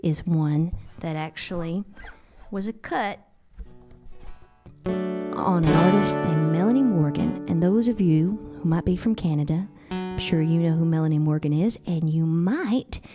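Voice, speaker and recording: A woman with a low, unhurried voice jokes with the crowd between songs, poking fun at herself. She's a singer-songwriter doing stage banter, with guitar music in the background.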